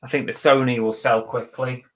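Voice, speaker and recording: A man's voice: mid-range voice, little pitch movement, moderate pace, low-quality recording. An English man from the UK, chatting casually and bluntly on a live stream while listing items for resale and reading out viewers' comments. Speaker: eBay reseller livestreaming.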